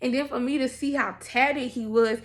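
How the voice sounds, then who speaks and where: A young woman telling her faith testimony in a casual, animated, emotional way, talking straight to her listeners. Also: sits high, moderate pace. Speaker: person sharing a faith testimony. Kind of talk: casual storytelling.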